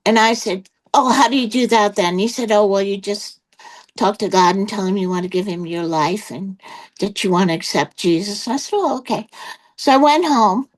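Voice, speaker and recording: A woman's voice: mid-range voice, moderate pace, rough recording. An older woman giving her personal testimony as an interview guest, telling a rambling story full of quoted exchanges and fillers.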